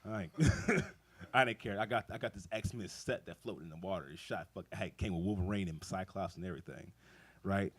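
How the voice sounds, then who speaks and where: A man's voice: deep voice, a little fast, husky. A young man doing a stand-up comedy set, telling rambling, profane stories and laughing often. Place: outdoor backyard show.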